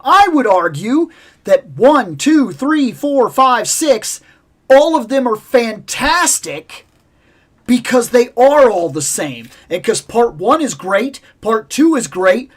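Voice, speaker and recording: An expressive woman hosts a casual vlog, storytelling with passion and strong opinions. Her fairly high voice swings widely up and down as she acts out game noises and quotes. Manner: passionate, opinionated about games. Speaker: toy collecting channel host.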